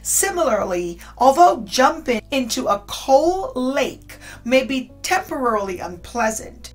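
Slow, lively-pitched woman lecturing. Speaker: psychology lecturer. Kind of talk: scripted lecture.

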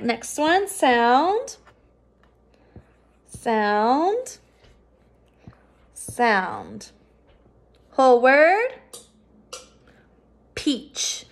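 A woman teacher giving a recorded phonics lesson for children, patient and sounding out words slowly. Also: sits high, fairly bright tone.

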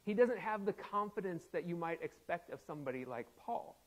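A man's voice: high-pitched, animated, a little fast, low-quality recording. A man preaching a sermon as pastor, laughing often and acting out quoted voices playfully. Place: church sanctuary.

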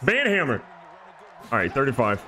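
A man giving excited, joking gameplay commentary as a gaming YouTuber. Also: medium pitch, moderate pace, noisy background. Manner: animated, joking, trash-talking.

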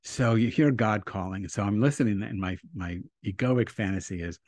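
A man with a lowish voice tells a story as an interview guest, animated and acting out the quotes. The sound is dry and close, with no room around it. He speaks as a rabbi in easy conversation. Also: moderate pace, no echo.

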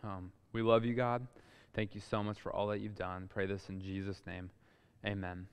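A man leading a spoken prayer, soft and unhurried, with many pauses and fillers. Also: fairly low pitch, flat delivery, clean tone. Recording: long reverb of a hall.

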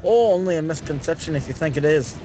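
A young man co-hosting a game stream, teasing his partner and reacting out loud to the match he is playing. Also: a little high, expressive, fast talker. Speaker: stream co-host. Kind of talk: casual gaming stream chat. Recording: game music clear in background.

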